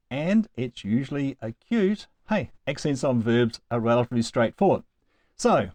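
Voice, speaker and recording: A man's voice: medium pitch, a little mellow, dry recording. A man teaching a recorded language lesson, explaining patiently step by step with a dry joke now and then. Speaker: Greek teacher.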